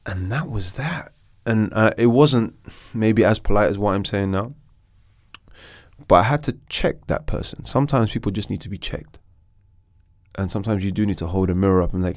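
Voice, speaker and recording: A middle-aged man, an actor, telling a story in a podcast interview with animated restarts. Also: fairly low pitch, a little fast, no echo, clean studio sound. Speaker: actor guest.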